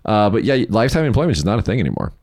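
A man hosting a casual podcast chat, a rambling, animated storyteller who acts out what others said. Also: fairly low pitch, racing, no room sound, clean studio sound. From United States. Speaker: podcast host, company CEO.

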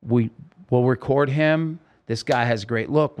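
A man of middle pitch recounting his early years as a guest on a podcast interview. He is an animated storyteller who acts out the lines of the people in his story. He speaks into a podcast microphone. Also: measured pace, slight background noise.

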